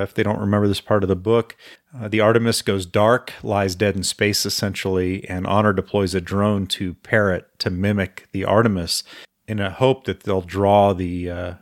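Male podcast co-host reading book passages, low voice, dry close sound. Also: no echo. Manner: reads passages aloud with asides, some filler "uh".

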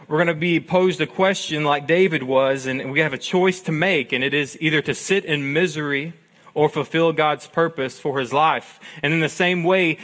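Young male pastor, bright and slightly high, relaxed storytelling sermon with self-deprecating humor.

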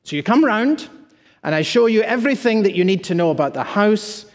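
A male pastor preaching in an emphatic, repetitive cadence. His voice sits high for a man, and it carries a long reverb tail through a large hall. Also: lively intonation, fairly quick. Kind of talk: sermon.

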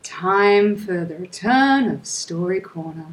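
A woman's voice: mid-range voice, expressive, slow pace. A young woman co-hosting a casual travel podcast, friendly and chatty with an easy giggle, recorded outdoors. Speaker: podcast co-host. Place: outdoors at a seaside fort.

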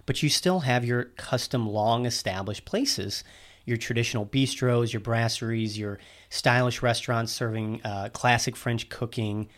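A man's voice: mid-range voice, unhurried. A man hosting a podcast, explaining things in a chatty way and teasing himself. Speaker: podcast host. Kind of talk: casual podcast conversation.

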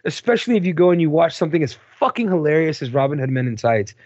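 A man on a casual film podcast with a high, lively voice and a gravelly, husky edge. He talks animatedly, swears and fills his speech with "like". The sound is dry and lo-fi. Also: fast talker, dry recording. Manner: animated, swearing, lots of "like" and "dude". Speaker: podcast co-host. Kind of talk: casual film review chat.

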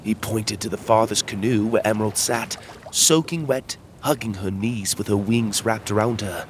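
A man narrating a children's fantasy adventure in the first person, reading at a measured, steady pace. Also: on the low side, a little hiss or hum. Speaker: storyteller.

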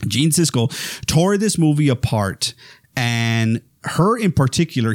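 Brief: chatty male podcast host, excitable and rambling, dry close sound. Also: mid-range voice, a little slow, no room sound. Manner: animated, rambling with restarts. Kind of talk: casual film chat.

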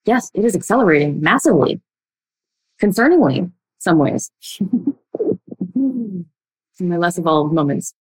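A young woman coaching listeners on relationship patterns in a blunt, emphatic way, with sudden shifts between quick bursts and slow, drawn-out words. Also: lowish voice, lively intonation, husky, low-quality recording. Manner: blunt, emphatic, speeds up and slows down a lot. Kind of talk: direct-to-listener coaching talk.

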